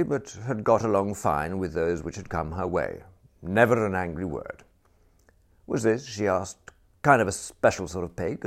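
A man's voice: deep voice, creaky. A man reading a comic novel aloud as narrator, telling it dryly and expressively. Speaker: audiobook narrator.

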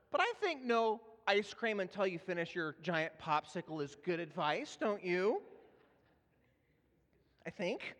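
High-voiced pastor preaching in an echoey hall. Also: male voice, fairly bright tone. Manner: conversational, self-deprecating, with frequent fillers and restarts. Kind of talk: sermon with personal storytelling. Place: church sanctuary.

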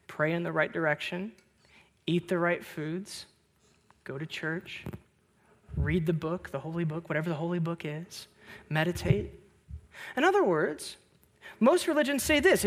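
Male pastor, sermon delivery, lively storyteller who swings between loud bursts and hushed reflection. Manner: animated storytelling, rising loud on anecdotes; drops soft and low on reflective points. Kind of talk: Christmas sermon.

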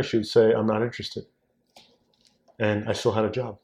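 A man in his forties from Southern California, a wine sales executive, telling an anecdote as a guest and acting out the quoted voices. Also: moderate pace. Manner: animated, acts out quoted voices with big pitch jumps. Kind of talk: casual anecdotal storytelling.

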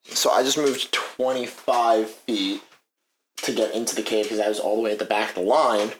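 A man playing a tabletop game, describing his character's moves in a relaxed, rambling way. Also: fairly low pitch, normal speed. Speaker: player. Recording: echoey room with faint noise.

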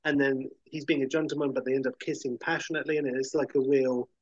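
A man's voice: medium pitch, little pitch movement, quick pace, no room sound. A man chatting enthusiastically about films, rambling and acting out quotes. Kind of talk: casual chat about films. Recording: dull lo-fi sound.

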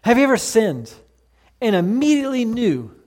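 A man's voice: extremely high pitch, very animated, normal speed, a little mellow. A male pastor preaching a sermon, earnest and pleading, with many rhetorical questions.

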